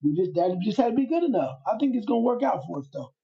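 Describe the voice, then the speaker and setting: A man co-hosting a casual podcast chat, ranting loudly and laughing as he talks. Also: high voice, quick pace, highs cut off. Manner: animated, loud ranting with laughter. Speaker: podcast co-host.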